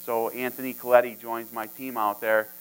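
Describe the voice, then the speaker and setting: A man's voice: medium pitch, little pitch movement, normal speed, clear, resonant tone, rough recording. A man telling a long story to an audience at a sales training, acting out phone conversations in quoted lines.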